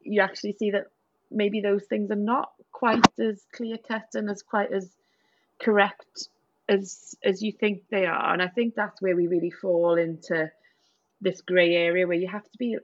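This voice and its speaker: A woman's voice: mid-range voice, little pitch movement, moderate pace, dull audio. A woman doctor co-hosting a casual podcast chat, talking loosely with lots of fillers and hedges. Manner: chatty, hedging with many fillers.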